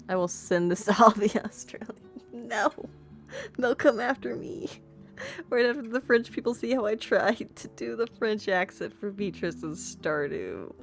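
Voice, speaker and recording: A woman streamer narrating a video game, reading its text aloud and breaking off into self-deprecating asides. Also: medium pitch. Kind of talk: let's-play narration and commentary.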